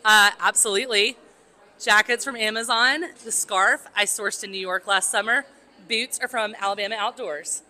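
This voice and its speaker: A woman, a teacher, briskly listing where her clothes are from in a casual on-the-spot interview. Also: medium pitch, sharp tone.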